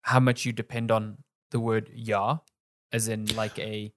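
A man's voice: on the low side, level tone, unhurried, dry recording. Easygoing man, dry sound. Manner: easygoing, conversational, thinks aloud. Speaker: podcast co-host. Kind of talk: casual chat.

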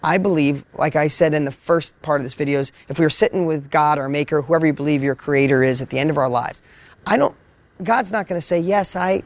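A man telling his story on a motivational panel, energetic and full of repeated words. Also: on the high side. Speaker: business coach.

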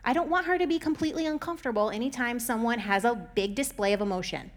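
A young woman with a slightly high voice talks in a relaxed, conversational way. She leans on "like" as a filler and often breaks into a laugh between points, as a host speaking straight to her listeners. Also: fast talker. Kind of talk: casual chat.

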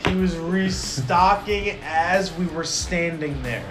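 A man's voice: a little high, takes it slowly, fairly bright tone, faint music behind. A man co-hosting a casual chat, arguing back with dry quips. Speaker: podcast co-host.

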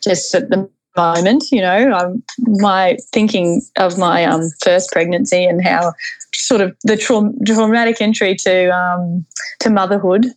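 A woman's voice: on the low side, fairly even intonation, measured pace, no echo, poor audio. A woman in her thirties telling a personal story as an interview guest, chatty and rambling with many fillers and restarts. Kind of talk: casual storytelling.

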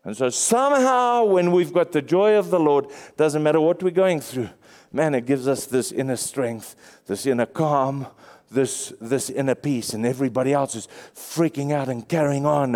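A male pastor preaching a sermon, swinging between excited highs and hushed lows. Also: normal speed. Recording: long reverb.

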